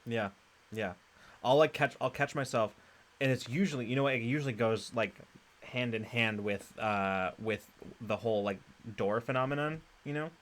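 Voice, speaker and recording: A man chatting casually on a podcast, lively and quick to laugh, with many fillers. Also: mid-range voice. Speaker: podcast co-host. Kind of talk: casual chat.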